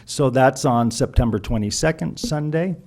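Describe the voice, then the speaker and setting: A man announcing a community event to a city council in a formal, steady way, with frequent filler sounds, at a podium microphone. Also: medium pitch, moderate pace. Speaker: community event organizer giving public comment. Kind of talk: prepared announcement at a council meeting.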